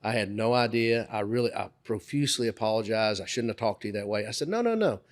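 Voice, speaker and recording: A man's voice: fairly low pitch, quick pace. A middle-aged man co-hosting a podcast, telling a story in casual conversation and acting out the dialogue. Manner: animated anecdote teller, acts out dialogue. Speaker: podcast co-host.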